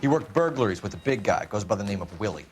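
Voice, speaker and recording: A man's voice: lowish voice, very animated, fast, slight background noise. An actor playing a stern young male police detective who speaks in a terse, businesslike way. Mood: calm, clipped.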